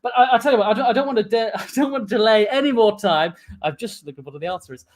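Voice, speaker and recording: A woman's voice: fairly high pitch, very fast. A woman hosting an improvised comedy game, prodding and laughing as she questions a guest. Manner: animated, prodding, laughing often. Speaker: improv host.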